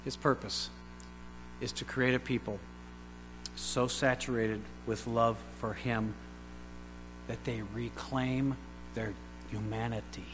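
A man preaching a sermon who fires rhetorical questions at the congregation and swings between quiet asides and loud, emphatic declarations. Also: mid-range voice. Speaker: pastor. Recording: reverberant hall with faint mains hum.

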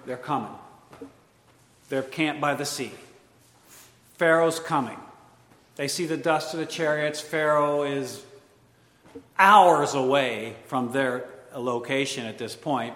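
A man preaching a sermon, animated, swinging between loud emphatic lines and hushed asides. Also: medium pitch. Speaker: pastor. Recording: long hall reverb.

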